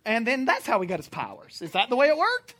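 A pastor preaching to a congregation in church, animated and joking, sometimes shouting. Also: male voice, extremely high pitch, fast talker. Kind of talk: sermon.

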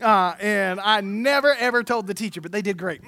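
A preacher giving an animated sermon, telling stories with humor and sometimes slipping into mock voices. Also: mid-range voice, moderate pace.

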